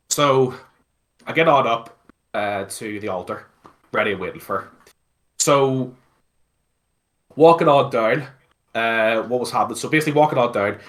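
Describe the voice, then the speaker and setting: A man with a Belfast accent, telling a story casually as an interview guest, animated and swearing freely between lots of fillers. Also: medium pitch, moderate pace, pauses often. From Northern Ireland.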